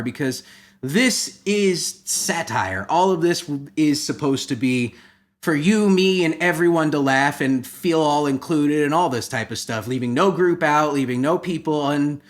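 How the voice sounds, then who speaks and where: A man hosting a comedy podcast, ranting satirically in a rambling, profane way that keeps jumping into loud mock outrage. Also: fairly high pitch. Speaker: podcast host.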